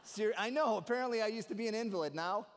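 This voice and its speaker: Animated young man doing stand-up comedy. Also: high voice, fast, slight background noise. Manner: animated, jokey storytelling with asides. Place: live stage in a large hall. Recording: live hall with reverb.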